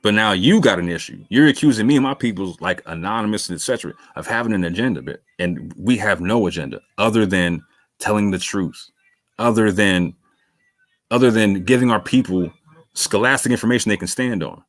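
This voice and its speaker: A man's voice: lowish voice, brisk. Guy going off in a heated rant, lots of slang, keeps repeating himself. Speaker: online commentator. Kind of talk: casual video rant.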